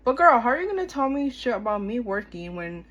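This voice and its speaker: A woman's voice: a little high, very animated, fairly quick, fairly bright tone, lo-fi sound. A woman in her twenties telling a story in casual chat, filler-heavy, acting out what people said. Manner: chatty, filler-heavy, acts out quoted dialogue. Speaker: storytime vlogger.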